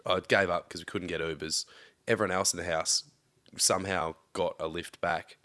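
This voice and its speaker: A man's voice: deep voice, normal speed. Swearing storyteller man. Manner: swears freely, animated storytelling. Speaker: podcast co-host. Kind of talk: casual chat.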